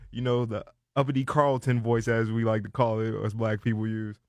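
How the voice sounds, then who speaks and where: A man's voice: medium pitch, fairly quick, no echo, clean studio sound. DC-accented man telling a wild story. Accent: Washington DC area. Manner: animated, acts out voices of people in his story. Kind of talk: casual storytelling chat.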